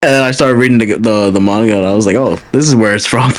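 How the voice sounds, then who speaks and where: A young man co-hosting a casual podcast, excitable and swearing freely as he tells stories. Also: fairly low pitch, fast talker, slight background noise. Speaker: podcast co-host. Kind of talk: casual chat.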